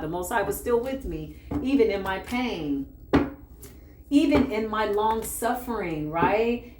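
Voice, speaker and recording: Lady telling her spiritual story, low-ish voice, lively, echoey room with a little hiss. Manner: animated, acts out quoted voices, laughs often. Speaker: spiritual reader. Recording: echoey room with faint background noise.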